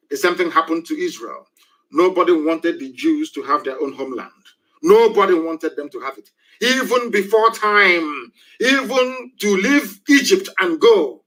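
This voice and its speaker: A man's voice: high voice, fairly bright tone, low-quality recording. A man giving an impassioned political broadcast, preachy and full of repeated rhetorical questions. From Nigeria.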